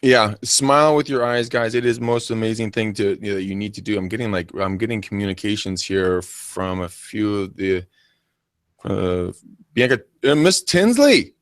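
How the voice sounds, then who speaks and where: A man co-hosting a casual coaching chat, animated and acting out silly greetings as he talks. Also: on the low side, moderate pace, smooth, no room sound, clean studio sound. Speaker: podcast co-host.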